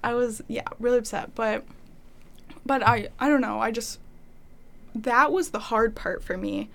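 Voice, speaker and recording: A young woman with a fairly high, gravelly voice talks unhurriedly about her faith journey. It's a casual, rambling testimony full of "like," in which she often acts out the thoughts she once had.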